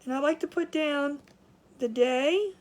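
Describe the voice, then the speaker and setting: Chatty woman livestreaming her crafts, a bit out of breath, higher-pitched voice. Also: unhurried. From Maryland, USA. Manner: chatty, greets viewers by name. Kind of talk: casual live chat while crafting.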